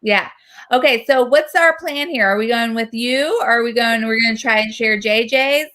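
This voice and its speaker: A woman co-hosting a film festival in casual chat, rambling and enthusiastic. Her voice is bright and crisp, pitched a bit high. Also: moderate pace.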